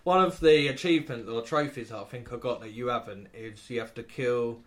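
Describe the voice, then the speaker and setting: A man's voice: medium pitch, fairly quick. A man, a podcast co-host in casual chat, crude and laughing often as he rambles.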